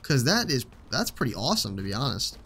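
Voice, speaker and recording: Young man, casual gameplay commentary, joking, swearing, lively pitch. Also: brisk, breathy edge. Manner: animated, joking, swears often. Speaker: gaming YouTuber.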